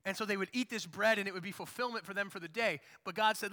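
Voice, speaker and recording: A man preaching a sermon, retelling the story in a casual, animated storytelling way. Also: high voice, fast talker. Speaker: pastor. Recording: long hall reverb.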